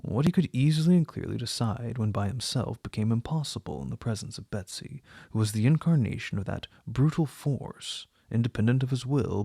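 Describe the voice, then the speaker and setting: A man reading a classic novel aloud as an audiobook, in a measured, even narration. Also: mid-range voice, gravelly, husky, dry recording, studio quality. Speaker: audiobook reader.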